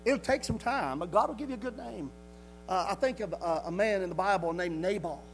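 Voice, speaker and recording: A man's voice: sits high, expressive, fairly quick, slight background noise, rough recording. A man preaching a sermon. He reads scripture aloud and builds fervor through repeated phrases. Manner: reads scripture aloud in old-fashioned wording.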